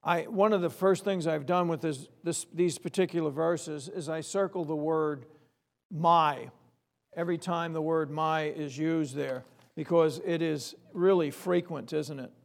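Gravelly high-voiced man preaching. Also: steady tone. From Long Island, New York. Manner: slow, emphatic reading of scripture, reflective and personal. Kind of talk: sermon.

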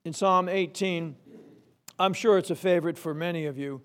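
A middle-aged man from Long Island giving a sermon, reading scripture slowly and emphatically and reflecting in a personal way. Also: fairly high pitch, little pitch movement, clean tone. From Long Island, New York. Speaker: preacher.

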